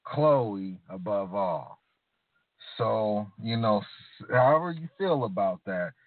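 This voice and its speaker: Guy cohosting a podcast, slow and opinionated, sounds like its over a phone. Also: fairly low pitch, dry recording. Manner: drawling, opinionated, slows down for emphasis. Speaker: podcast co-host. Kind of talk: casual profane banter. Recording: dry, tinny phone-like sound.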